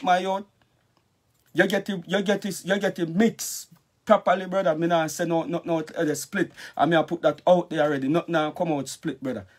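A Jamaican man, a dancehall artist, ranting angrily in a vlog, cursing and calling the listener brother over and over. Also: sits high. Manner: angry, cursing, repetitive address of the listener. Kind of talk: heated vlog rant.

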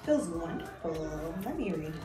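A woman's voice: lowish voice, moderate pace. A woman vlogger in her thirties chatting casually with her daughter, acting out quotes as she tells funny stories. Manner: animated storyteller, acts out quotes. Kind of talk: casual chat. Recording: echoey room, far from mic, music behind.

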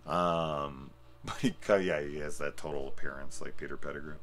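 A man giving a casual, rambling film review, swearing often and getting excited as he talks. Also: a bass voice, moderate pace. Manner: profane, excitable, rambling with fillers. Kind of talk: casual spoiler discussion.

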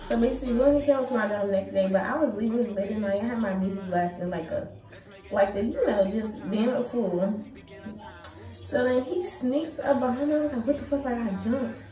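A young woman vlogger chatting casually through a storytime while installing a wig, animated and full of slang, acting out what people said. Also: on the high side, fairly quick. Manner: animated, slangy, acts out quoted dialogue. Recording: music playing behind voice. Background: hip hop music.

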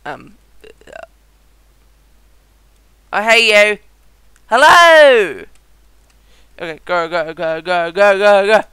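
A gaming video host giving excited let's-play commentary, chatty with viewers, giggling and yelping at surprises. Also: medium pitch, extremely slow, pauses often, smooth, no echo, poor audio. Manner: chatty, talks straight to viewers.

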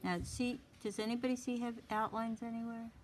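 A woman's voice: on the high side, little pitch movement, brisk, slight background noise. A woman instructor giving a live drawing demonstration to a small class, thinking aloud as she works and coaxing with short repeated cues.

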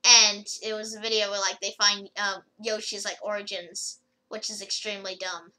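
A woman's voice: mid-range voice, little pitch movement, moderate pace, bright, forceful tone, low-quality recording. A woman rambling casually through a gameplay video, with lots of fillers and restarts as she comments. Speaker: gaming video creator.

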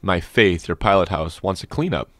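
A man's voice: sits low, lively intonation, moderate pace, a bit bright, no room sound. A man voicing a cheerful, eager young male wanderer who talks vivaciously and keeps reassuring others. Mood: chatty.

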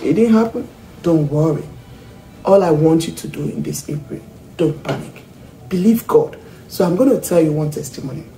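A woman's voice: deep voice, dark tone. A woman giving an earnest devotional message as a Christian speaker, talking emphatically to her listeners. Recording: roomy echo with faint ambience.

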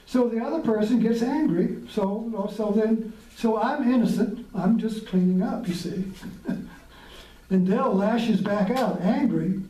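A man with a high, soft-edged voice talks through spiritual ideas in a relaxed, wandering way, often breaking into small chuckles. He sits back from the microphone, so the room rings around his words. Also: a little slow. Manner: reflective, rambling, chuckles often. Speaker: podcast host. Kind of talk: casual spiritual talk. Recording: roomy sound from a distant mic.

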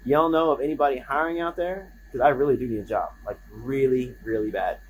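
A man's voice: mid-range voice, a little fast, slight background noise, low-quality recording. A man making a casual birthday video at home, rambling, singing and coaxing his pet.

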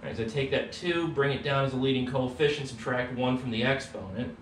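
A man's voice: medium pitch, a little fast. Brief: a laid-back male lecturer talking through math at home, heard from across an echoey room. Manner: relaxed, tags points with "right?". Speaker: economics teacher. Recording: roomy, distant mic, faint background hum.

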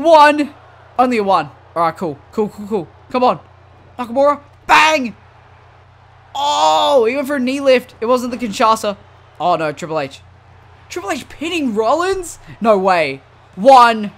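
A man giving casual, slangy commentary over a wrestling video game, swinging from low muttering to excited shouts. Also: unhurried, gravelly, long pauses. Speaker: gaming YouTuber.

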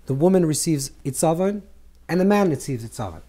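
A man teaching a Kabbalah lesson to a live group, animated, repeating words as he searches for phrasing and acting out scripture dialogue. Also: brisk. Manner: acts out scripture dialogue with swings in pitch and volume.

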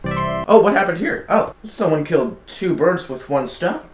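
Guy doing a flustered divorced mom looking for her kid, rambly and shrieky, bit high, echoey w game music. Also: lively intonation, unhurried. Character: frantic newly divorced mother hunting her son. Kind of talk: comedic role-play over gameplay. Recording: roomy sound with game music.

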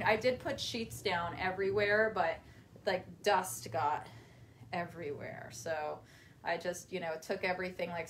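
A chatty woman with a lowish voice, accompanied by a little hiss or hum, live streams from home while folding laundry. She drifts loosely between thoughts, laughs often, and now and then stops to talk to her dog.

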